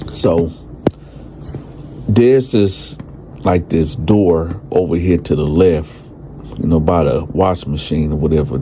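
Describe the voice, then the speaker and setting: In a warm, low-sitting voice with a little hiss or hum in the audio, a man who hosts a channel tells a true crime tale from his own life. His style is casual and profane, full of street slang, and he addresses his audience as "y'all."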